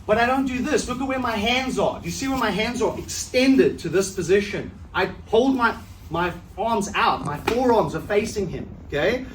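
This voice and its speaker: A middle-aged man leads a seminar class on self-defense in a relaxed, conversational way, tagging nearly every point with a quick check-in. His voice sits high for a man. The sound is roomy and distant, with faint ambience behind. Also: a little hiss or hum. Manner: conversational, checks in with "right?" constantly. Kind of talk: seminar teaching. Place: training hall at a seminar. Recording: echoey hall, mic from far off.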